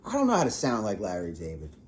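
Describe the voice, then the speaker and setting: A man's voice: on the low side, huge pitch swings, fast, a little hiss or hum. A young man co-hosting a podcast, rambling in casual chat with heavy swearing and lots of fillers. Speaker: podcast co-host.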